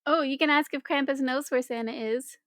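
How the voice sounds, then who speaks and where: A woman playing a tabletop game, reacting with quick quips. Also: high-pitched, fairly even intonation, a bit bright, dry recording, studio quality. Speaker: player.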